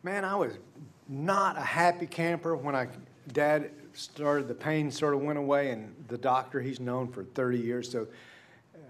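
A middle-aged male pastor preaching a sermon in a conversational storytelling way, dropping to hushed asides and climbing to emphatic peaks. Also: mid-range voice, unhurried.

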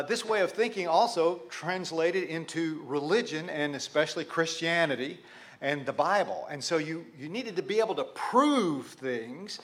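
A man's voice: sits high, fairly bright tone. A man with a Texan accent, preaching a sermon to a live congregation in a folksy, conversational way. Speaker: pastor. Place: church sanctuary with a live congregation.

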